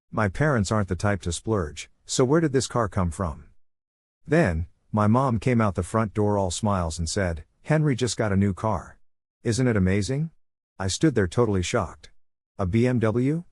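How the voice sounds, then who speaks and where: A man reading a first-person story aloud in a steady, even storytelling manner. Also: lowish voice, no echo, studio quality. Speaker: narrator.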